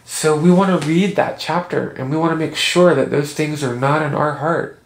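A man's voice: on the high side, moderate pace. A man giving an earnest, conversational Bible teaching from home. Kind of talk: casual Bible teaching video. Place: at home, indoors. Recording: echoey room with faint noise.

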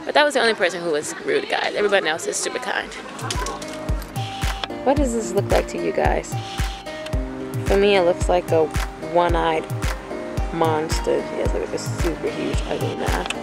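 A woman vlogging outdoors in a city park, chatting casually in an animated, storytelling way. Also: on the low side, moderate pace, vocal fry, pauses often, loud music behind the voice. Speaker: travel vlogger. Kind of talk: casual vlog chat.

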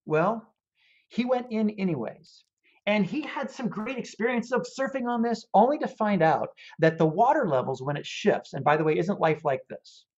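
A man, a guest in a casual interview, telling a story in an animated, earnest way. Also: high voice, normal speed. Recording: dull lo-fi audio.

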